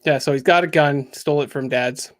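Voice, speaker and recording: A man's voice: on the high side, a little fast. A man co-hosting a casual comic breakdown, tossing in joking asides. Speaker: co-host.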